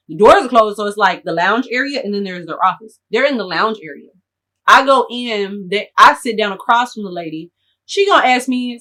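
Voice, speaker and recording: Young woman vlogger, bright voice, animated and slangy, calls everyone y'all. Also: mid-range voice. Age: young adult. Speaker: storytime vlogger. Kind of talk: casual storytime chat.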